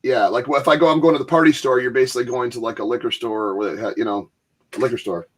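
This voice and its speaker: A man's voice: medium pitch, fast talker. Laughing man in casual chat. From Michigan, US. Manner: rambling, laughing, acts out quoted voices. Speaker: podcast host.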